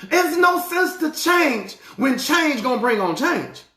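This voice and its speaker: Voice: sits high, very animated, slow pace, sharp tone. A preacher and life coach giving a motivational sermon in an emphatic, colloquial style, driving points home with repeated refrains. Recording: roomy echo.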